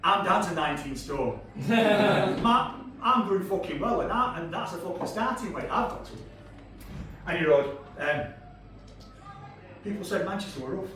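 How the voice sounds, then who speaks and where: Sweary Yorkshire comic, high voice. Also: male voice, lively intonation, normal speed, noisy background. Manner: brash, sweary, crowd-teasing storytelling. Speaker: stand-up comedian. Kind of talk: stand-up comedy set. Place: comedy club stage. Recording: echoey club, far from the mic, audience laughter.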